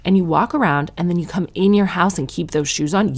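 A woman talks through her week as a podcast host, in a brash, ranting comic monologue. Her voice sits low with a gravelly fry, and her tired manner breaks into loud, animated outbursts. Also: brisk. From Canada. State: tired new mother.

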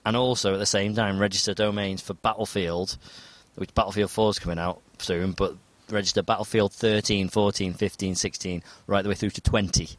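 Casting: low-pitched host, loose rambling banter. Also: male voice, fairly even intonation, fairly quick, few pauses, dry recording. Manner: rambling, laughs at own stories. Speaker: podcast host. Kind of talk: casual chat.

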